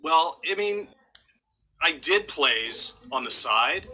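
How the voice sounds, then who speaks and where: A man's voice: fairly high pitch, takes it slowly, rough recording. A middle-aged man from California, a voice actor, telling stories in a casual interview and slipping into impressions. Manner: animated storyteller, slips into impressions. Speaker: voice actor guest.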